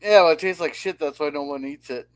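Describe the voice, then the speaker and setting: A man co-hosting a casual livestream from home, talking in a halting, hesitant way with many fillers. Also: on the high side, clear, resonant tone. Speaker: livestream co-host. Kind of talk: casual live-stream chat.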